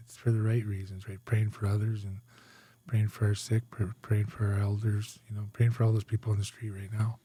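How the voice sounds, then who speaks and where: A man's voice: lowish voice, little pitch movement, fairly quick, dark tone, husky, no room sound. A man in his forties from Canada, a guest telling his life story in a candid interview, tagging his sentences with "right?" and "eh?". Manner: conversational, frequent "right?" and "eh?" tags.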